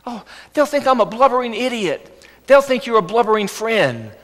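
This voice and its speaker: A man preaching a sermon as pastor, earnest and gently coaxing, often asking rhetorical questions. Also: very high voice, very animated, normal speed. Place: church sanctuary. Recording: echoey church hall.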